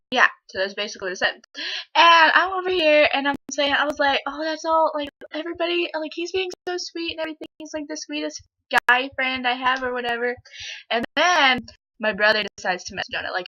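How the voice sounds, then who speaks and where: A teenage girl vlogs from her bedroom indoors, her voice a little high, pushed and bright, in a dull lo-fi home recording. She retells a story to her camera in a rambling, casual way, packed with fillers and quoted back-and-forth.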